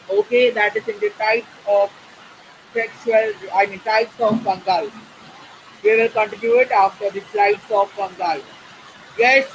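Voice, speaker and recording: A man teaching a biology class online, often pausing to check in with his students. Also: high voice, fairly bright tone, a little hiss or hum, low-quality recording. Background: faint rain.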